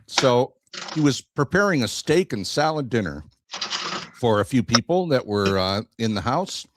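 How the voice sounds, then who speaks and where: A man's voice: medium pitch, very animated, unhurried, dry recording. A man hosting a talk show, chatting casually and telling offbeat news stories with frequent fillers and chuckles. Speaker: radio show host. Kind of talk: casual morning-show banter.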